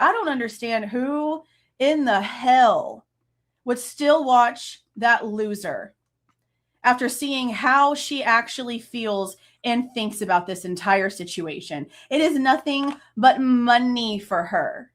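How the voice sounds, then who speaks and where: A woman's voice: a little high, expressive, a little slow, fairly bright tone. A woman in her late thirties, hosting a true crime channel, ranting with heated, profane exasperation. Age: late 30s. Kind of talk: angry reaction rant.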